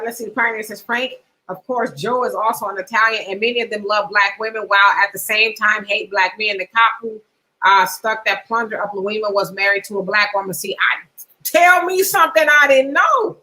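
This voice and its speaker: A woman's voice: medium pitch, little pitch movement, moderate pace, sharp tone, low-quality recording. A middle-aged woman, hosting a livestream and reading viewer comments aloud, laughing often between her asides. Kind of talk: casual chat.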